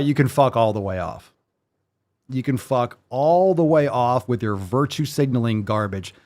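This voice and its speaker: A man's voice: mid-range voice, darkish tone. A male podcast host with a middle-range voice who rants bluntly and sarcastically, swearing freely as he goes. He speaks in a casual, off-the-cuff manner. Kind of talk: casual ranting commentary.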